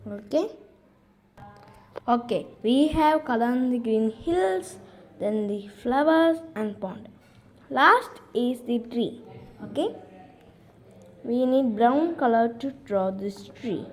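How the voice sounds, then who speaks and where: A woman's voice: fairly high pitch, lively intonation, slow pace, pauses often, low-quality recording. A woman giving a step-by-step drawing tutorial in simple, repeated instructions.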